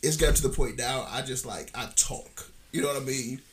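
A young man co-hosting a podcast, telling a story in casual chat, laughing often and acting out quotes loudly. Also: medium pitch, brisk. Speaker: podcast co-host.

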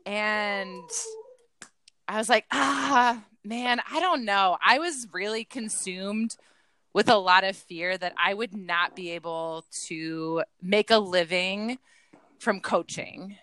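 A woman's voice: mid-range voice, slow pace, bright, forceful tone, clean tone, no echo. A woman who coaches fitness, co-hosting a casual podcast and earnestly telling her own story, voicing her past self in quotes.

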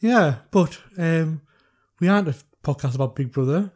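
A man's voice: a little high, lively intonation, normal speed, a little mellow. A man co-hosting a film podcast in laid-back, chatty conversation, laughing easily. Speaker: podcast co-host. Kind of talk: casual podcast chat.

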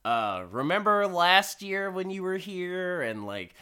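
A man's voice: high-pitched, big pitch swings, takes it slowly, pushed and bright, clean tone, voice pushed up, full character voice. A man voicing a casual, offhand male police officer asking questions. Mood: breezy. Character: nosy male cop, casual and breezy.

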